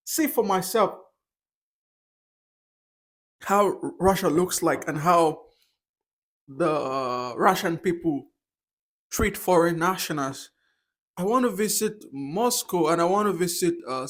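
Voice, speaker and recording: Hesitant young man vlogging. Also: a little high. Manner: hesitant, with frequent restarts and self-corrections. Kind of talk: casual talk to camera.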